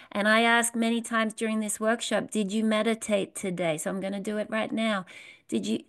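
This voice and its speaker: A woman leading a spiritual workshop, talking earnestly to a live audience, repeating phrases and asking them questions. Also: on the high side. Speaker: workshop leader.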